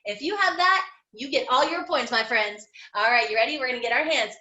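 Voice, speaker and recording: A middle-aged woman teaching young children phonics online, upbeat and encouraging, slowly sounding out words. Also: sits high, sharp tone, lo-fi sound. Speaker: kindergarten teacher. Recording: echoey room.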